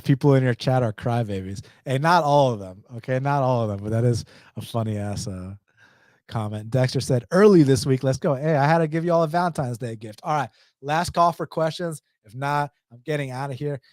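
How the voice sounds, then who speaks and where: A man's voice: mid-range voice, moderate pace, a little mellow, no echo, clean studio sound. A man with an Atlanta accent hosting a live stream, reading chat questions and answering them in a blunt, casual, slangy way. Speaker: host.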